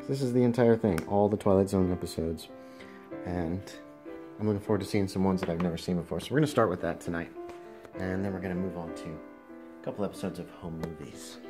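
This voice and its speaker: A man's voice: sits low, a little fast, music in the background. A man narrating a casual daily vlog, chatty and talking fondly to his dogs. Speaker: vlogger.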